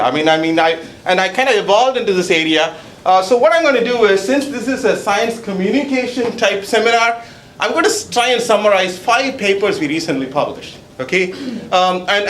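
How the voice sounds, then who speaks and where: A man's voice: high voice, a bit bright, echoey room, slight background noise. A man presenting research at a seminar, chatty and joking, with an accent, often adding "okay?". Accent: non-native accent. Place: seminar hall.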